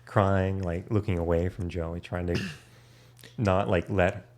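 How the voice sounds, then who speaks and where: A young man with a low voice joins in a relaxed podcast chat. He mostly agrees with his co-host and adds short comments. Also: measured pace. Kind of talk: casual chat.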